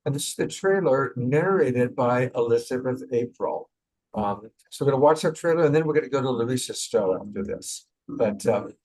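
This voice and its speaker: A man hosting his live-stream show, talking casually and answering in a warm, affirming way. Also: mid-range voice, breathy edge, low-quality recording. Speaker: show host.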